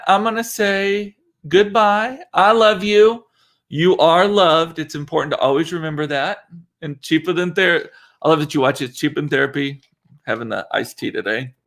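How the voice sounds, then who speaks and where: A man from South Texas hosts a livestream, his voice a little high and a bit bright. He chats casually and rambles on, full of fillers and restarts.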